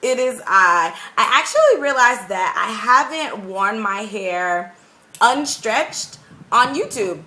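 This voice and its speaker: A young woman teaching English abroad, chatting to her camera in a rambling, animated way. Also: fairly high pitch, slow pace. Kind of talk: casual talking-head vlog. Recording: echoey room.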